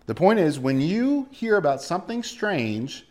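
A man's voice: on the high side, very animated, measured pace, darkish tone. A male pastor delivering a sermon emphatically, full of rhetorical questions and repeated words.

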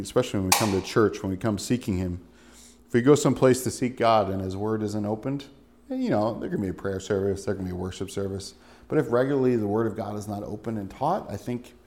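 Conversational male Bible teacher. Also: on the low side. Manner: reads scripture aloud with lively, animated quoting of voices; conversational asides like "right?" and "you know". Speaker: pastor.

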